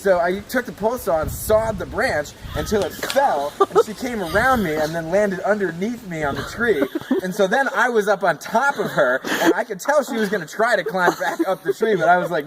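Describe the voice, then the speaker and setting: Lively storytelling man. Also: high-pitched, moderate pace, a crowd in the background, poor audio. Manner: animated, laughs often while telling. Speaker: tree climber telling a rescue story. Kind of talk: casual storytelling.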